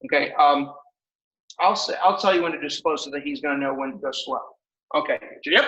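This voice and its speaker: A man teaching a martial arts class, calling out commands with energetic shouts and laughter. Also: fairly high pitch, a little fast. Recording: echoey room, mic far off.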